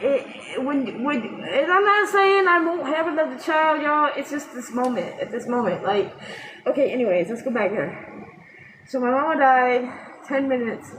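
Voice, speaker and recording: A woman's voice: high-pitched, roomy sound, background noise. A woman telling a rambling, emotional personal story, swearing freely and laughing through tears. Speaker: vlogger.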